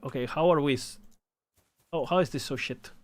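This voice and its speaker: A man streaming a game, thanking subscribers and reacting in animated, playful talk that is full of swearing. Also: fairly high pitch, normal speed. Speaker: gaming streamer. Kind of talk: casual game commentary.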